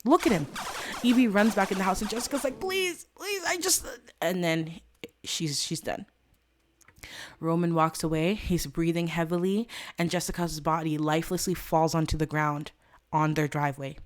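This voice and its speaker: Lower-voiced woman narrating gameplay dramatically. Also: moderate pace. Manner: animated and dramatic, addresses viewers. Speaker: let's play host.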